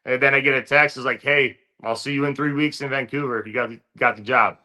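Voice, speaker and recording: A man guest in an interview, telling a story in a relaxed, casual way with lots of fillers. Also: mid-range voice, brisk. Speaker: interview guest, fighter turned actor.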